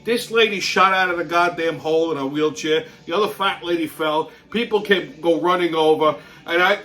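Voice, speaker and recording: A man's voice: a little high, normal speed, bright, forceful tone. A man hosting his show, ranting bluntly in a heavily profane monologue and laughing through his own stories. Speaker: show host.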